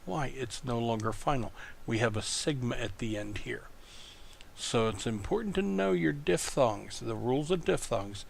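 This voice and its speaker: A man teaches in a recorded lecture, taking his time with each point. His voice carries a gravelly, creaky edge and sits at a middling pitch. He pauses to check in with his listeners as he explains. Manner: slow, explaining step by step with rhetorical checks. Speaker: Greek teacher.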